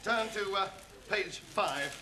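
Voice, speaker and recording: A man's voice: sits high, slow pace. An actor playing a flustered young doctor who hesitates and stammers through his lines, in a 1970s TV sitcom. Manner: hesitant, stammering, full of ums. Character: flustered young male doctor, easily rattled. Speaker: young doctor organising a radio show. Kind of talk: 1970s television sitcom acting. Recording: noisy old TV sitcom soundtrack.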